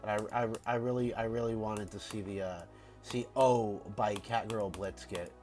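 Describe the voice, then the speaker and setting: A man's voice: fairly low pitch, steady tone, moderate pace, a little mellow, soft background music. A man with a head cold chatting casually on a game stream, rambling and repeating words as he restarts sentences. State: congested from a cold. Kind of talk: casual live-stream chat.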